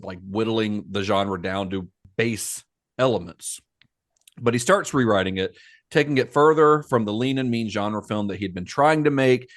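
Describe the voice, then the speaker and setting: Chatty man telling a film history story. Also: lowish voice. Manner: relaxed storytelling with frequent laughs and fillers. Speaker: podcast host. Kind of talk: casual film podcast narration.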